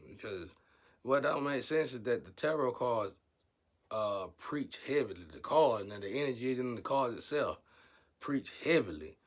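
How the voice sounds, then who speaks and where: Man, low voice, casual spiritual monologue, rambling, blunt, preachy, rises to heated outbursts.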